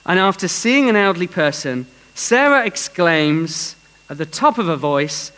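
A man's voice: sits high, big pitch swings, measured pace, bright, forceful tone, smooth, low-quality recording. A man preaching a sermon in an earnest way, telling a story with some restarts.

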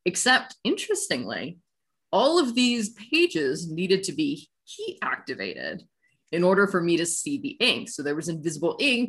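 A woman's voice: on the low side, wildly swooping pitch, normal speed, a bit bright, breathy edge. A young woman in her twenties co-hosting a casual podcast, telling stories playfully and correcting herself. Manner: playful storyteller, self-correcting. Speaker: podcast co-host.

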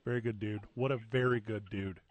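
A man's voice: lowish voice, fairly even intonation, a little fast, no room sound, narrow, tinny audio. A man hosting a sports radio show, joking and bantering casually into a studio microphone.

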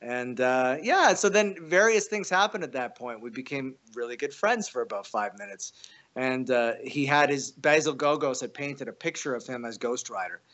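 A man's voice: moderate pace, a bit bright. A man telling a wild story in casual, profane conversation, acting out the quotes. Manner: profane, acts out quotes with pitch jumps. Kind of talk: animated storytelling.

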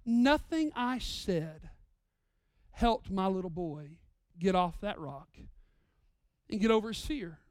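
A man in his thirties preaching a sermon as a pastor, swinging between loud, drawn-out lines and hushed, intimate storytelling. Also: high voice, expressive, no room sound, clean studio sound.

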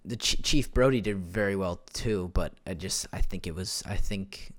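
Young male solo podcast host, lowish voice, loose and rambling, lots of ums and restarts, desk mic at home. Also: normal speed. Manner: rambling, many fillers and self-corrections. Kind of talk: casual solo podcast chat. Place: home room. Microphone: desk microphone.

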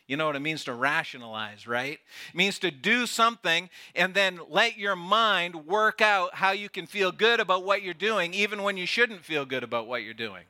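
A man preaching a sermon as pastor, earnest, often dropping soft and low to stress a point. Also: animated, moderate pace, hardly any pauses.

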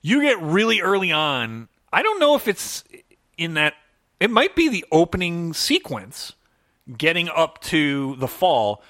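A man co-hosting a casual movie review podcast, emphatic and quick to laugh. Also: on the high side, huge pitch swings, fairly bright tone, no echo, clean studio sound. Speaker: podcast co-host.

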